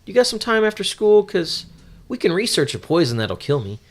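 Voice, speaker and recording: Chirpy male creature teacher, sly and cheerful, lifted high; a man putting it on. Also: sing-song, fairly quick.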